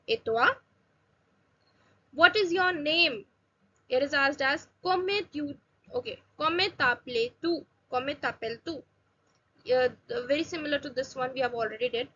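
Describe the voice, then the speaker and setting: A woman from India teaching basic phrases in a casual online lesson, repeating each phrase slowly and adding chatty asides. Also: high-pitched, sharp tone, highs cut off. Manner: slow careful phrase repetition with chatty asides. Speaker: language teacher.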